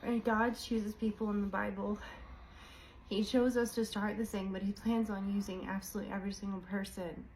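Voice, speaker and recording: A woman's voice: medium pitch, level tone, fairly quick, darkish tone, slight background noise, low-quality recording. A woman talking casually and emotionally to her viewers about her faith, rambling and apologizing as she goes. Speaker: co-host of a religious channel.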